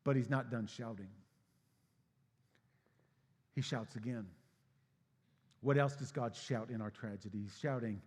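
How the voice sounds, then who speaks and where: A man preaching a sermon as pastor, swinging from hushed, low passages to loud, emphatic bursts. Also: measured pace, long pauses. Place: church sanctuary. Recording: long hall reverb.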